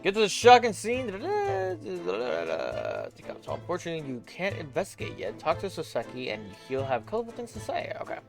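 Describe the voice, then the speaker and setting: A man's voice: sits high, wildly swooping pitch, a little fast, gravelly, few pauses, music in the background. A man streaming a video game, making jokey asides between reading dialogue. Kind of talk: casual game commentary.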